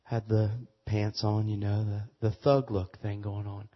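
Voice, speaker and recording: A man preaching a sermon with a personal testimony, stumbling and repeating words, then building to loud emphatic preaching. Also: lowish voice, little pitch movement, unhurried, in a large hall. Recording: muffled lo-fi sermon recording.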